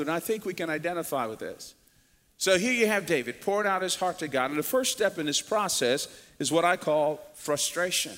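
High-voiced, animated male preacher. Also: fairly quick. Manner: animated, emphatic, repeats words, swings between quiet and loud. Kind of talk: sermon. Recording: long reverb of a large hall.

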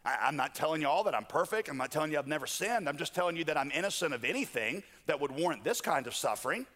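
A man's voice: a little high, expressive, fast, a bit bright. A man voicing Job, a suffering man who pleads his innocence in exasperation. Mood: exasperated. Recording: long hall reverb.

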